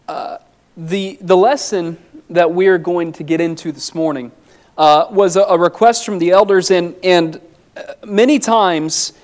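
A tired young man gives a sermon to his church. His voice is a little high, gentle and emotional, breaking as he holds back tears. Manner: emotional, voice breaking, soft and tearful. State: tired from no sleep. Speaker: preacher.

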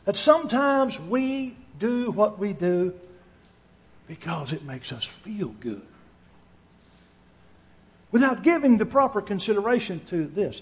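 A man's voice: extremely high pitch, fairly bright tone. A man preaching a sermon to his congregation, earnest, restarting his words and putting questions to the listeners. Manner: earnest, repeats words while thinking, asks the listeners questions. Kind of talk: sermon with scripture reading. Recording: dull lo-fi recording.

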